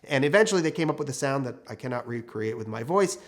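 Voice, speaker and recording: A man's voice: mid-range voice, expressive, fast. A man working as a training consultant, telling a workplace case study in a conversational, anecdotal way. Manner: conversational anecdotal, acts out quoted people. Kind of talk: storytelling case study talk.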